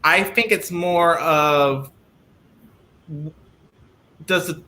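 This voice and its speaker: A man being interviewed over a video call, who often restarts his sentences while he searches for words and says he talks loudly. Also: a little high, drawn-out words. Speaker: guest. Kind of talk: live-streamed interview.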